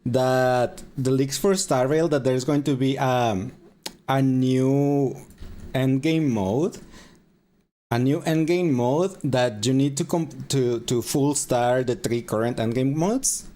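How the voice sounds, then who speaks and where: A man streaming a game, chatting casually with viewers and rambling with halting pauses. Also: medium pitch, mellow. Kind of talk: casual live-stream chat.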